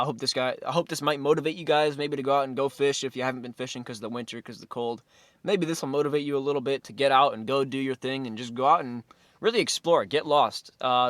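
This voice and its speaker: A man's voice: medium pitch, fairly bright tone, no room sound. A young man from the American South, filming his own fishing vlog outdoors with a chest-mounted camera, talking casually and often repeating his exclamations. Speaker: fishing vlogger. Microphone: chest-mounted action camera.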